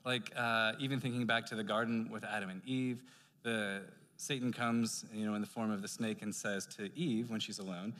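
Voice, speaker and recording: A male pastor preaches in a loose, chatty way, often breaking off into asides. His voice is bright, with sharp, hissing s sounds. A long reverb from the church hall trails after each phrase. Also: on the low side, moderate pace. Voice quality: heavy sibilant s sounds. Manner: conversational, animated preaching with asides. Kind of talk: sermon. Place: church sanctuary.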